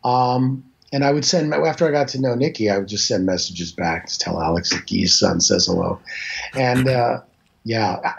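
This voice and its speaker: A man's voice: medium pitch, moderate pace, vocal fry. A Canadian man in his sixties tells stories as an interview guest. He rambles and pokes fun at himself in an everyday mid-range voice. The audio sounds a little dull. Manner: rambling, self-deprecating storyteller. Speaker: voice actor guest. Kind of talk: casual interview chat.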